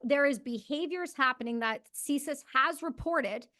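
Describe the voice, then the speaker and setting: A woman from Canada hosts a podcast interview with a high, bright voice. She talks bluntly and passionately, pressing her guest with pointed questions. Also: a little slow. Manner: blunt, impassioned, swears freely. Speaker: podcast host. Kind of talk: conversational interview.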